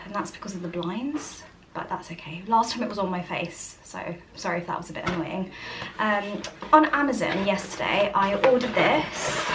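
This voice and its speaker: A woman chatting casually to the camera in a home vlog, rambling and soft-spoken. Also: medium pitch, background noise. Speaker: vlogger. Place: home interior.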